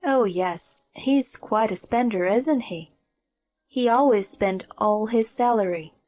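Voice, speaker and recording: A confident adult daughter, as a woman narrator puts her on speaks in a breezy, mocking way. The voice is fairly high and unhurried, with faint music in the background. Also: darkish tone. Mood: teasing.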